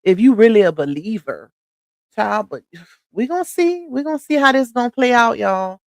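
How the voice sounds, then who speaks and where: A middle-aged woman hosting a casual livestream, preachy and animated, talking in a slangy, familiar way to her viewers. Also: a little high, moderate pace, no room sound. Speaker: livestream host. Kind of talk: casual live-stream chat.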